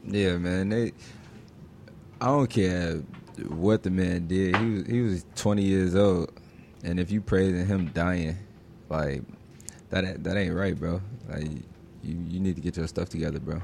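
A man's voice: sits low, steady tone, measured pace, creaky, darkish tone, a little hiss or hum. A man chiming in on a casual talk show, blunt and emphatic. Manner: blunt and emphatic, calls people "bro".

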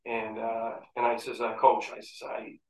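A man telling stories from his playing days in a casual interview, animated, acting out quotes and laughing often. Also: medium pitch, moderate pace. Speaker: interview guest, former athlete. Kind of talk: casual storytelling. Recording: echoey room.

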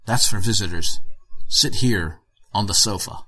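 A man voicing a weary former physicist who speaks slowly and enunciates every word. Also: fairly low pitch, pushed and bright, breathy edge, exaggerated voice. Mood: subdued.

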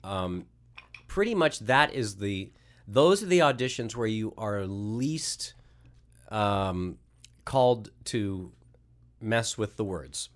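A man's voice: fairly low pitch, lively intonation, slow, long pauses. A man who works as a voice actor, talking as a podcast guest in a loose, rambling way, full of restarts and laughing at his own stories. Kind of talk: casual podcast interview.

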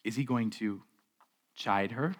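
A man's voice: lowish voice, takes it slowly. Conversational male pastor preaching a sermon. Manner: conversational preaching with repeated words and rhetorical questions. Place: church stage.

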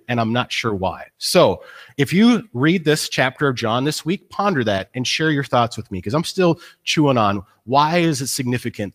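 A man preaching a sermon, retelling a story in a casual, conversational way and acting out the people's lines. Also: a little high. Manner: animated storytelling, acts out quoted voices. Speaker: pastor.

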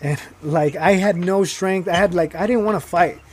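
A man's voice: high-pitched, moderate pace, a little hiss or hum. A young man telling his own life story in casual, rambling talk, full of fillers and restarts, growing heated as he goes.

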